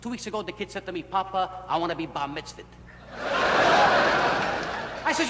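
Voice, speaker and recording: A man doing a stand-up routine at a nightclub, telling punchy stories in a voice that jumps in pitch and loudness. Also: sing-song, unhurried, long pauses. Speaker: stand-up comedian. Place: nightclub stage. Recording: echoey club, scratchy 1960s film audio. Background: audience laughter.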